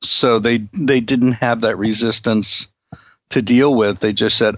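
An older man with a New York accent hosting an interview, relaxed and joking, often pausing with filler sounds. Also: medium pitch, no echo. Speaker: interview host. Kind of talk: casual chat. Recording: dull lo-fi dry sound.

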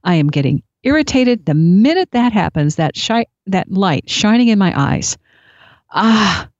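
A woman telling a personal story in a reflective, unhurried way. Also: medium pitch, lively intonation, a little mellow, no echo. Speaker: speaker sharing spiritual experiences. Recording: dull lo-fi recording.

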